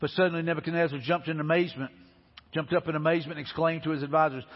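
Pastor preaching in a big echoey church, husky high voice, earnest and repetitive. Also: male voice, fairly even intonation, rapid-fire, lo-fi sound. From Alabama, US. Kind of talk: sermon. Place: church sanctuary.

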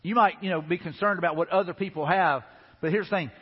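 A man's voice: high-pitched, quick pace, husky, in a large hall, dull audio. A man preaching a sermon as a pastor, talking to the congregation in a loose, conversational way with repeated asides. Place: church sanctuary.

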